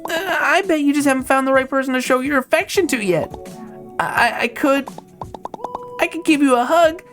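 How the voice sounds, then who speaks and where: A game streamer voicing a meek, polite young hermit crab hero in a video game, speaking gently and with hesitation. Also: sits high, normal speed, faint music behind, pitched above the performer's own voice. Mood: sweet.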